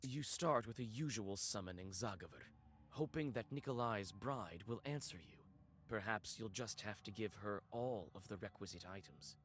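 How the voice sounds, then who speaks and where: Man narrating a dark tale in second person. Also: lowish voice. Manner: measured, atmospheric.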